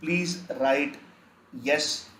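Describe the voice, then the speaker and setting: A man teaching a live online language lesson, slowly repeating example words again and again. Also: a little high, steady tone, a bit bright, roomy sound, slight background noise, poor audio. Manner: slow, repetitive, drills word lists.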